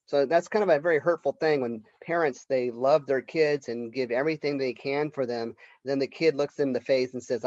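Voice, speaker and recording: Male literature professor, chatty lecture, mid-pitched voice, dry and dull-sounding recording. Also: brisk, few pauses, a little mellow, no room sound. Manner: conversational storytelling, retelling the plot. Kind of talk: college lecture.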